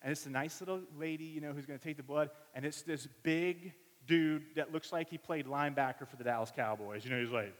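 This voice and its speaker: A man in his thirties preaching a sermon, telling family stories in an animated way and acting out everyone's voices. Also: fairly high pitch, brisk, few pauses. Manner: animated storytelling, acts out voices of family members. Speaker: pastor. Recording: long reverb of a large hall.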